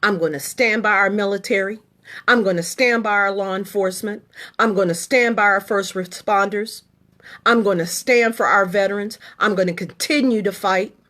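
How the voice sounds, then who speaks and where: A woman's voice: medium pitch, moderate pace, fairly bright tone. A middle-aged woman and military veteran delivering an indignant political monologue to the camera, with short, emphatic, repeated statements.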